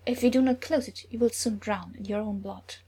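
A woman's voice: medium pitch, a little fast, mellow, husky. A woman voicing a stern older healer who speaks firmly and caustically. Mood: grave. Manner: firm, clipped, caustic.

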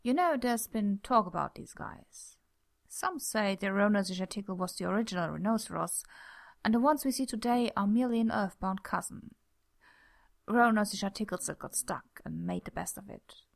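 A playful, flirtatious team leader who teases gently and keeps his voice low and soft, as a woman narrator puts him on. The voice carries a gravelly edge at mid pitch. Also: animated, normal speed. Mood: explaining. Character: charming, teasing grown man team leader.

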